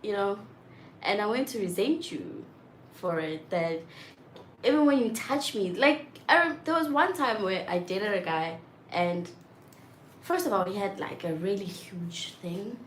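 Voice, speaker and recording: A young woman chatting candidly and frankly, often getting loud and exasperated as she makes her point. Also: medium pitch, lively intonation, a little slow. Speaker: vlogger. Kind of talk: candid casual chat. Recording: roomy echo with faint background noise.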